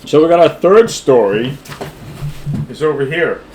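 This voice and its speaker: A man's voice: on the high side, animated, a little slow, a little mellow, a little hiss or hum. An older man co-hosting a casual comic book chat, retelling a story in a rambling, chuckling way. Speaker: co-host.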